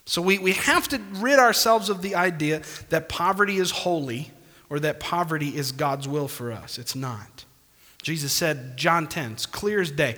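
A man's voice: fairly high pitch, animated, normal speed, pushed and bright. A man pastor preaching a sermon emphatically, punctuating points with calls of amen, in a church hall. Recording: long church reverb.

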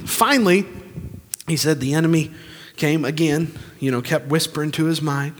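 A man preaching a sermon, telling stories and swinging from booming to hushed. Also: a little fast. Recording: long reverb of a large hall.

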